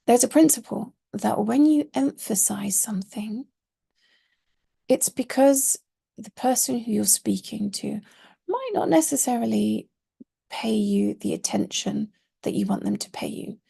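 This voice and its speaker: A woman giving an online Quranic Arabic lesson has a low, mellow voice, husky and breathy with a thick gravelly fry. Unhurried, she patiently walks through each point, stressing the words that matter.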